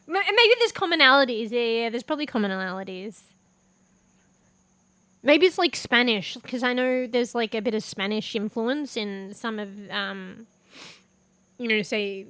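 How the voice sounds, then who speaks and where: A woman's voice: fairly high pitch, expressive, a little slow, pauses often, fairly bright tone, dry recording. A young woman streaming as a VTuber, chatting casually while eating, swearing freely and laughing often. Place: home room with a fan.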